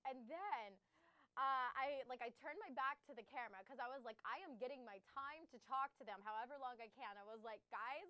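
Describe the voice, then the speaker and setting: A podcast co-host in her twenties tells an emotional story in casual chat, full of fillers and close to tears as she's overcome with emotion. Her voice sits high and bright with a forceful tone, and she speaks fairly quickly. There's no echo.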